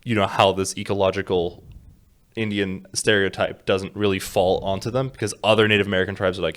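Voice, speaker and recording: A man chatting casually on a podcast in a somewhat low voice. He rambles, restarts his sentences and breaks into laughter often. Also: flat delivery, a little fast, a bit bright, clear, resonant tone. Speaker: podcast co-host. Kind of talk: casual chat.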